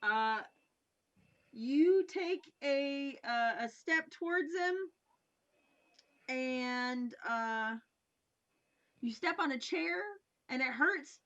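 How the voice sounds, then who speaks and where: A woman running a tabletop game as game master, narrating haltingly with many fillers. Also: high voice, animated, fairly bright tone, highs cut off.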